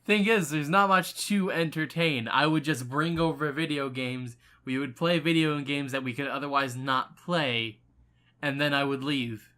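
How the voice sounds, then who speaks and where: Bright-voiced, teasing young man. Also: on the high side, moderate pace. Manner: playful, pushy, teasing. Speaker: podcast co-host. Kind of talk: casual chat.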